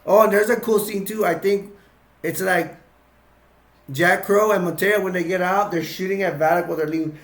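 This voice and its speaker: Rambling excitable man recapping a film. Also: sits high, fairly quick, gravelly. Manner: rambling, excitable, with sound effects. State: sugar-boosted, energetic. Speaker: movie recap vlogger. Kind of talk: casual movie recap.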